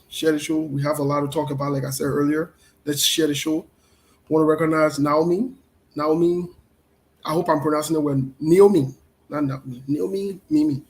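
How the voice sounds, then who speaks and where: A man's voice: on the high side, poor audio. A man hosting a casual live stream, repeating himself often and greeting viewers by name. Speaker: show host.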